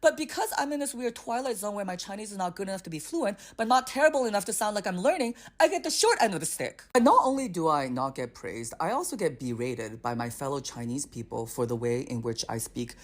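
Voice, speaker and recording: Woman comedian from Canada, lively swooping delivery, lowish voice, exasperated. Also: fast talker, hardly any pauses. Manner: animated, exasperated, rises to near-shouting punchlines. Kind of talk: comedic storytelling.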